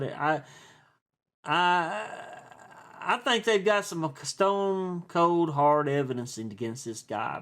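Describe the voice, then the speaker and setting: A man with an East Tennessee accent, rambling in a chatty, folksy way through a casual vlog monologue, full of fillers and restarts. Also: fairly high pitch. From East Tennessee, USA. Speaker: stock and crypto video host.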